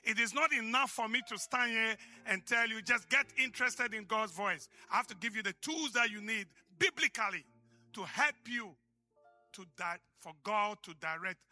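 A man with an African accent preaching a sermon as pastor, emphatic and rising to shouts. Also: high-pitched, moderate pace, soft background music.

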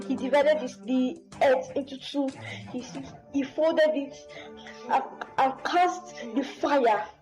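A woman telling of a vision, pleading and halting, repeating words as she goes. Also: sits high, mellow, muffled recording. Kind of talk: personal testimony.

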